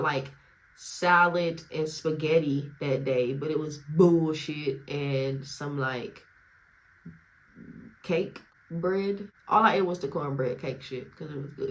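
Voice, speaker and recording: A young woman with a fairly low voice tells a personal story in a loose, slangy way. She swears freely and drops into quoted voices. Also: fairly bright tone. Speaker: vlogger. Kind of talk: casual storytime.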